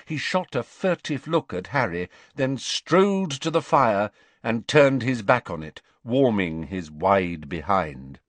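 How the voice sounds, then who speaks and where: A man narrating a fantasy novel in a measured, expressive way. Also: fairly low pitch, dry recording. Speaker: audiobook narrator. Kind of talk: scripted narration.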